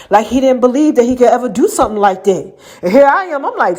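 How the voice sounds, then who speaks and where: A woman's voice: a little high, sing-song, a little fast, a little mellow. A woman podcast host telling a faith testimony in a casual, slangy way, acting out the voices of people she quotes and laughing often. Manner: laughs often while talking.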